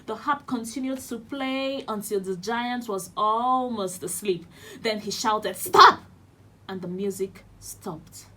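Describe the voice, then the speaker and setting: A woman's voice: mid-range voice, unhurried, a bit bright. A woman with a Nigerian accent, a children's radio host reading a storybook aloud expressively. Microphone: studio radio mic.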